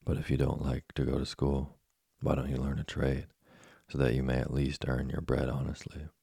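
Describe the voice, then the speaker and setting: A man with a husky, gravelly voice reading the lines of a patient, preachy old male cricket in an audiobook. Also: very deep voice, moderate pace, no echo, clean studio sound, exaggerated voice. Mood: calm, preachy. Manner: calm and preachy.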